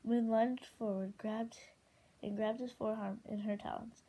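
A woman reading a novel aloud in a steady, expressive way. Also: on the high side, measured pace, slightly rough, low-quality recording. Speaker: audiobook reader.

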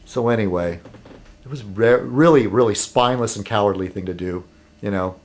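Rambling man telling a story, full of fillers. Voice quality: halting, full of fillers and restarts. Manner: animated, jumps higher when mimicking others. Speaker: video blogger. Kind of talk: rambling casual monologue.

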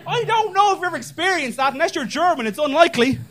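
High-voiced man doing profane stand-up. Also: expressive, quick pace, a bit bright, slight background noise. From Ireland. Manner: conversational, profane, self-deprecating storytelling. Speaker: stand-up comedian. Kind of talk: stand-up comedy set. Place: comedy club stage.

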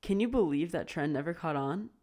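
A woman voicing a wary, quiet young man who talks in clipped, low-key lines. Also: expressive, a little fast. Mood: easy.

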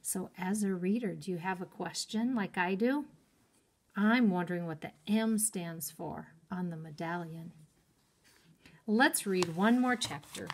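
A woman teacher reading a chapter book aloud to young children at an unhurried, deliberate pace. She pauses to ask questions and explain words plainly. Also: on the low side. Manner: slow and clear, explaining words. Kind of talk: read-aloud storytime for children.

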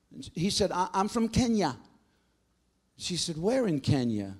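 High-voiced preaching man. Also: lively intonation, moderate pace, husky. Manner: dramatic storytelling preacher, builds to forceful proclamation. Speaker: pastor. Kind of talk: sermon.

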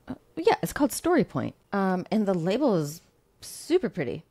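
A woman's voice: medium pitch, wildly swooping pitch, a little slow, a little mellow, husky. Giggly woman co-hosting a podcast. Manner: playful, giggly, mock-dramatic reading. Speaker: podcast co-host. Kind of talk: casual chat.

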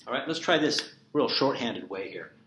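A man's voice: medium pitch, moderate pace. A male teacher giving a classroom lecture, walking through examples step by step and repeating each one. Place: empty classroom. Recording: echoey classroom with steady noise.

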